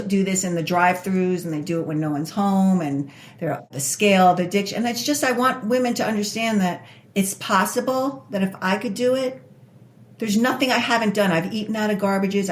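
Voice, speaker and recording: A woman in her sixties from Spain talks with raw emotion, her words tumbling out and circling back on themselves. She sits in a roomy, echoing space, and her voice sits at an ordinary middle pitch. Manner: emotional, rushed, repeats herself. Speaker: guest. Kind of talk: candid interview storytelling. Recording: echoey room.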